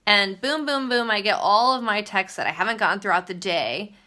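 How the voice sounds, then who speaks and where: A woman's voice: medium pitch, a little fast, sharp tone. A young woman telling a story in a casual livestream vlog, chatty and full of fillers. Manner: chatty, storytelling with many likes. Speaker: vlogger.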